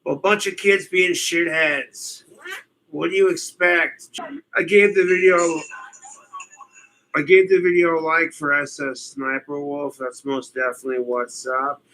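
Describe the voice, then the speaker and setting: Man, streamer, reaction commentary, bright edgy tone, rambling and profane, mocking impressions. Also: on the high side, fairly even intonation, a little slow, rough recording.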